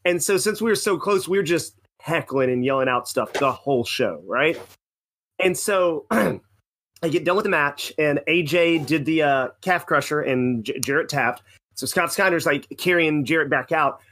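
A man's voice: fairly high pitch, normal speed, fairly bright tone. A young man co-hosting a casual podcast, telling rambling anecdotes with lots of self-corrections. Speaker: podcast co-host. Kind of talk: casual storytelling.

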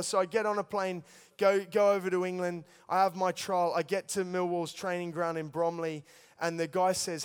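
Young male preacher, storytelling testimony, smooth and resonant, big reverberant hall. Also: sits high, little pitch movement, normal speed, hardly any pauses. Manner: storytelling, earnest, addresses listeners as guys. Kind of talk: sermon testimony.

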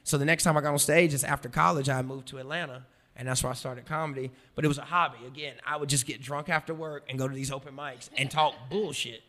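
Fast, bright-voiced comedian telling stories. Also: male voice, medium pitch. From American. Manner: animated, profane, swings from loud to quiet. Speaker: stand-up comedian. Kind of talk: casual storytelling in an interview.

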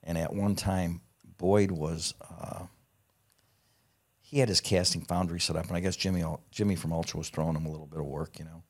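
A middle-aged man telling a profane, lively anecdote in casual conversation. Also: low voice, fairly quick, breathy edge. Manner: profane, animated anecdote teller. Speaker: guest. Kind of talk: casual storytelling.

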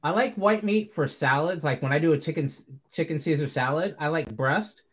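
A man's voice: fairly high pitch, normal speed, slightly rough. A man hosting a podcast, telling stories in casual chat, laughing often and swearing casually. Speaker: podcast host.

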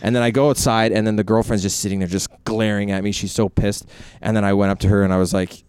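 A man's voice: on the low side, fairly even intonation, fast talker, darkish tone, clean tone, no room sound. A man telling a long story in casual podcast chat, rambling, swearing and full of fillers.

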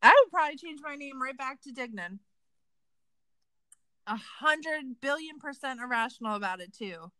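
With a high-pitched voice at normal speed, a female podcast host jokes sarcastically and swears freely through casual true crime talk, animated throughout. The recording is dry and rough.

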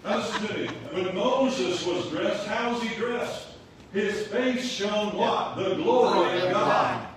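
A man's voice: high-pitched, lively intonation, slow pace, a little hiss or hum. An older man from South Africa with a South African accent, preaching a sermon full of rhetorical questions and humorous asides. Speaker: pastor. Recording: echoey hall, voice from a distance.

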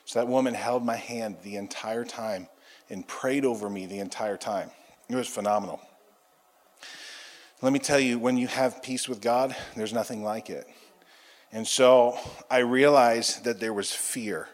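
A man giving an animated testimony sermon, acting out the dialogue of his story. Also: medium pitch, unhurried. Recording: long hall reverb.

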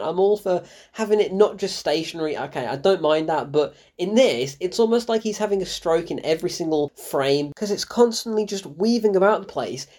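A woman's voice: mid-range voice, warm tone. A woman giving an exasperated, swearing film review, often breaking into laughter.

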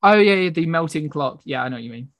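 A woman's voice: sits low, lively intonation, quick pace, no room sound. A young woman hosting a podcast, telling rambling, giggly stories in casual chat. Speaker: podcast host.

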